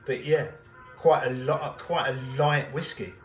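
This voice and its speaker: A man's voice: on the high side, fairly even intonation, unhurried, reverberant, soft background music. A man chatting casually and wryly while working at a jeweller's bench, hosting a live stream. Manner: chatty, rambling, wry. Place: jewellery workshop.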